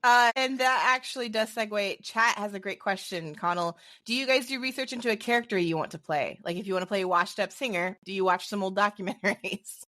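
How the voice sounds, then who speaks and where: A woman co-hosting a podcast in casual chat, animated and self-deprecating. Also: medium pitch, a little fast, hardly any pauses, no echo, clean studio sound. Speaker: podcast co-host.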